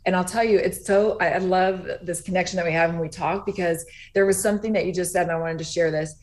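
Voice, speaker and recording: A woman's voice: lowish voice, steady tone, quick pace, darkish tone. Earnest woman guest on a video call. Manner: earnest, storytelling, acts out quoted dialogue. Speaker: interview guest. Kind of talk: animated conversational interview.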